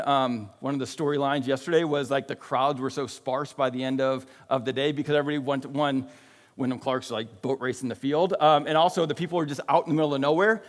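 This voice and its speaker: A man preaching a sermon in a casual, conversational way, often checking in with "right?" and "like". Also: a little high. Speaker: pastor. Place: church sanctuary. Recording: long reverb of a church hall.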